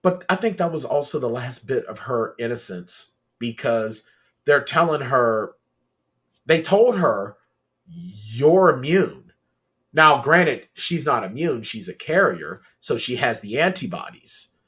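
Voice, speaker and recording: A man co-hosting a podcast in casual chat, retelling scenes with lively, animated storytelling. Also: medium pitch, unhurried. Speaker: podcast co-host.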